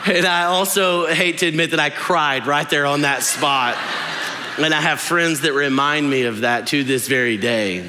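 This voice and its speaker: Young male pastor, slightly high-pitched, self-mocking storyteller, sermon in a reverberant auditorium. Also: normal speed. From West Texas. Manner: self-mocking, animated, jokes with the congregation. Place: large church auditorium. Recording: long hall reverb in a large church.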